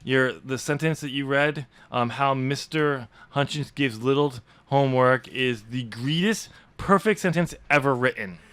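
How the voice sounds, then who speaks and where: Sarcastic male podcast host, mid pitch, dry close mic. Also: measured pace, few pauses, a bit bright, smooth, no echo. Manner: teasing, sarcastic, hesitant with many ums. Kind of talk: casual banter.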